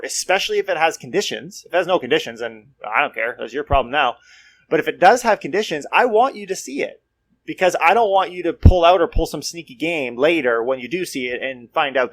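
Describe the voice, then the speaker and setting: Energetic young man talking real estate. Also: on the high side. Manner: energetic, talks straight to listeners, repeats for emphasis. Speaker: real estate podcast host. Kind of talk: casual market commentary.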